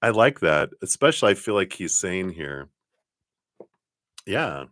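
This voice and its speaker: The tarot reader's deep voice swings widely in pitch as he speaks unhurriedly on his live stream. The recording is dry and studio-clean. His warm, spiritual talk wanders, packed with fillers and laughs.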